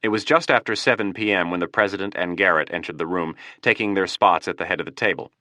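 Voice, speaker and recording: A male audiobook narrator with a deep voice and a bright, crisp edge. He reads steadily and evenly. The recording is dry and close, with no room sound. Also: no echo. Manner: steady, measured storytelling.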